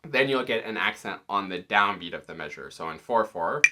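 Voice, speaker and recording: A man teaching music in a relaxed, explanatory tutorial, walking through settings step by step. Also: on the low side, fairly quick, heavy background noise. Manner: relaxed, explanatory, occasionally counting beats aloud.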